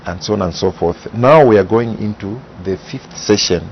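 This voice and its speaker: Man, very deep voice, gravelly, measured explanations, faint hiss. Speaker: guest explaining parliament procedure. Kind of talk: broadcast interview answers. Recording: dull broadcast audio with faint hiss.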